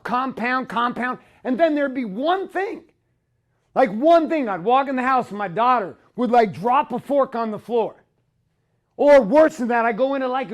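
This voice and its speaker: A man giving a fiery, profane motivational talk, bursting into shouts to drive his points home. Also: very high voice. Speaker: motivational speaker.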